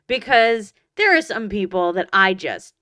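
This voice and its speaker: A woman around forty, co-hosting a podcast in casual chat, blunt and emphatic and quick to swear. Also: medium pitch, sing-song, bright, forceful tone, no echo, studio quality. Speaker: podcast co-host.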